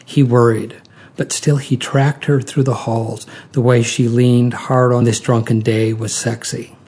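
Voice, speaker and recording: A man reading a short story aloud in a calm, measured way. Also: medium pitch, breathy edge. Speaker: narrator.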